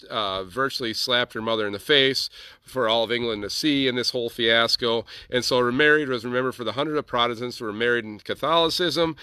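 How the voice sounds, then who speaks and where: A man's voice: mid-range voice, sharp tone, clean tone, dry recording. A man, hosting a casual show and rambling through a story with chatty asides. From Wisconsin. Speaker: host. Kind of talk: casual chat.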